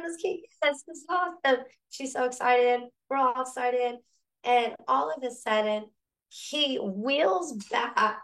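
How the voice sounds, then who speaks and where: A woman telling a personal faith story as a podcast guest, in a casual, animated way, acting out the voices of people in her story. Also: fairly high pitch.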